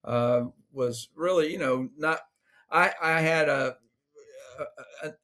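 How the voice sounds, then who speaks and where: A man's voice: on the high side, slow, bright, forceful tone. A man in his sixties, a pastor, talking casually in an interview, chuckling and restarting his sentences.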